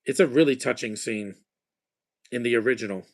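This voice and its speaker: A man's voice: mid-range voice, brisk. A man giving a live, off-the-cuff commentary while he watches a film, rambling between remarks and often restarting his sentences.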